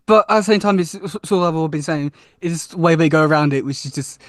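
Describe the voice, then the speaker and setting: A British man, a guest on a casual chat, answering in a hesitant, halting way. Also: on the high side, a bit bright, no echo, studio quality.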